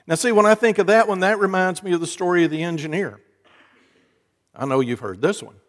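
A man delivers a sermon in a church sanctuary, spinning folksy jokes and wry asides for his congregation. His voice sits a little high, and it rings out with a long hall reverb. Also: brisk. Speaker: preacher.

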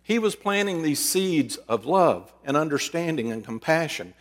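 A middle-aged man preaching and counseling, telling personal stories in an earnest, conversational way with sudden shifts between loud and soft. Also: a little high, big pitch swings, normal speed. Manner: earnest, conversational, with dramatic swings in loudness. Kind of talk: storytelling sermon. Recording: long reverb in a large hall.

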